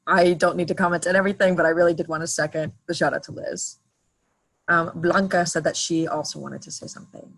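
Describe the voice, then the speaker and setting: A woman's voice: on the low side, fairly even intonation, quick pace, husky, no echo, poor audio. A woman hosting a virtual graduation reception, chatty and upbeat as she introduces each speaker over a video call. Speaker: event host.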